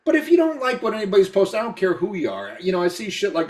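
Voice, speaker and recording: A drunk man rants on a podcast, swearing constantly and tripping over repeated words as he restarts his sentences. His voice sits fairly high for a man. He is recorded a little far from the microphone. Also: huge pitch swings, rapid-fire. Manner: profane, repetitive, stammering restarts. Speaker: podcast co-host. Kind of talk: casual podcast rant.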